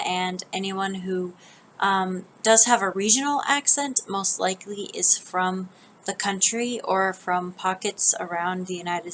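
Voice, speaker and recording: A woman with a General American accent tells a casual vlog story at a middle pitch. She rambles and restarts, filling gaps with ums. A faint noise sits under her voice. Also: a bit bright, rough recording. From northern United States, near Canada. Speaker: vlogger.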